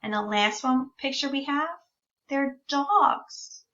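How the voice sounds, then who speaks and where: A woman with a bright, fairly high voice guides young children through a speech-sound lesson, sounding out each word and drawing it out. She speaks very slowly and patiently. The recording is dull and lo-fi, and she sits a little away from the mic. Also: recorded from a distance. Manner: slow, drawn-out sounding out of words. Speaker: teacher.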